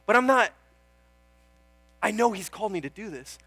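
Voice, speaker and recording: Bright high-voiced young preacher. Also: male voice, expressive, fast, pauses often, breathy edge, no echo. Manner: earnest and chatty, calling out "Amen?" to the crowd; self-deprecating, laughs at himself. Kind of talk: sermon.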